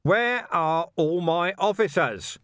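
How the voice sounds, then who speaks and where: Brief: male reader as a rough, desperate middle-aged watch commander in a storybook, barking demands, lively pitch, dry sound. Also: a little fast, no room sound. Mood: furious. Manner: shouting, demanding.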